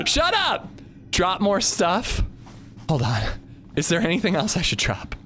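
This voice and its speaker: A man's voice: high voice, big pitch swings, unhurried, very noisy. A man streaming a game live, nervously talking himself through a tense climb. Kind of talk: live gameplay commentary.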